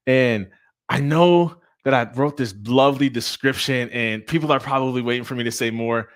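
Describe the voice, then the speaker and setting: A middle-aged man hosting a motivational talk, speaking with energy and preaching to his viewers. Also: mid-range voice. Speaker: host.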